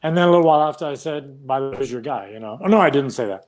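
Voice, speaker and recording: A man, a guest on an interview show, telling long anecdotes in a casual, animated way and acting out the dialogue. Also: medium pitch, rapid-fire. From Canada. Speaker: guest, retired boxer. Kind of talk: casual storytelling.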